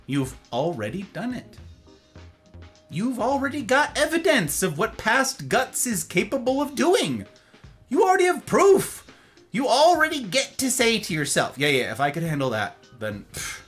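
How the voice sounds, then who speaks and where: A man with a slightly high, fairly bright voice hosts a casual live stream from his home office. He playfully greets viewers by name and chats with them.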